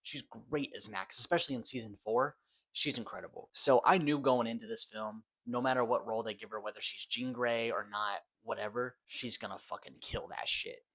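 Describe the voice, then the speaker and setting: A young man giving a casual, excitable movie review, full of swearing and slang. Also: medium pitch, moderate pace.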